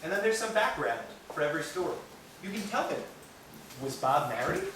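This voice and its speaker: A higher-voiced man from America runs a teacher training, his pitch swinging up and down as he plays with voices. He sounds far from the mic in a very echoey room, and there is clear background noise. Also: brisk. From United States. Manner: animated, playful, acts out silly reading voices. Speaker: English teacher giving a training.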